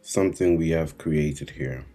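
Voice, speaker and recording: A man giving a live-streamed trading lesson, speaking slowly and repeatedly checking in with his viewers. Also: extremely low pitch, mellow, soft background music. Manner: unhurried, repeating "right?" and "guys" to the chat. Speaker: trading instructor.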